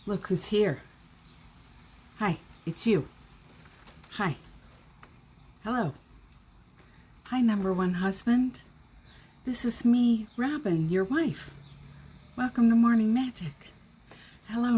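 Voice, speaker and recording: A woman's voice: mid-range voice, a little mellow, slightly rough. A middle-aged woman hosting a casual morning live stream from home, cheerfully greeting viewers by name and chatting. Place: home indoors.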